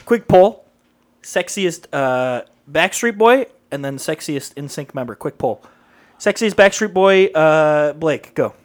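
Excitable man hosting a casual chat. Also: on the high side. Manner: excitable, laughing, runs quick polls. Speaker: podcast host. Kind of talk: casual chat among friends.

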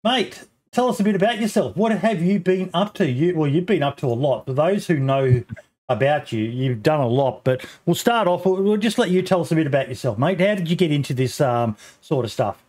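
A man's voice: on the high side, expressive, brisk, a little mellow. An Australian man hosting a casual podcast, talking bluntly with plenty of swearing and ums. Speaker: podcast host.

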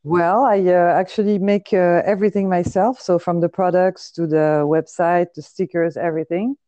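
A woman from France with a French accent, French her first language, talking on a phone call in a relaxed, easily amused way with hesitant fillers. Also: lowish voice, moderate pace, dry recording. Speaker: podcast host. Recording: dull dry phone line.

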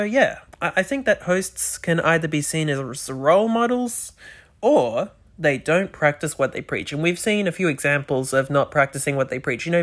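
A podcast host talking alone into a microphone, rambling with many restarts and words that sometimes slur. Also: medium pitch. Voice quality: slightly slurred words. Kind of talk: solo podcast monologue.

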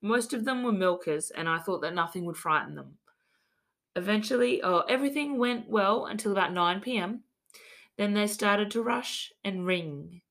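A woman's voice: mid-range voice, normal speed, a bit bright. A woman hosting a podcast, telling a spooky local legend in a chatty, giggly way and reading out old quotes with asides. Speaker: podcast host. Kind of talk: casual storytelling chat.

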